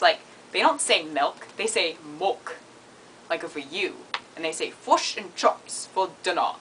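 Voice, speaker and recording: A young woman vlogging casually and goofily, rambling between jokes with sudden loud, squealing outbursts. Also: medium pitch, slight background noise, low-quality recording. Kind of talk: casual comedic vlog.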